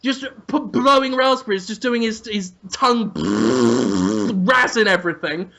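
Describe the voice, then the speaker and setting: A man co-hosting a comedy podcast, telling an absurd, crude story in an animated way. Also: sits high, measured pace, creaky. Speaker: podcast co-host.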